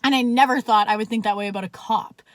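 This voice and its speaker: A woman's voice: a little high, steady tone, fast, no room sound. Chatty young woman telling a story. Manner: chatty, fills speech with "like", swears freely. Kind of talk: casual storytime vlog.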